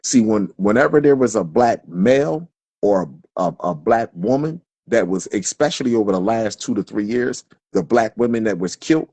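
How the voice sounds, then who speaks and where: A man on a live stream, husky-voiced, delivering a heated, preachy rant full of constant swearing. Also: on the low side, animated, moderate pace, darkish tone, dry recording. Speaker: livestream speaker. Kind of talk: impassioned profane rant. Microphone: phone on a live stream.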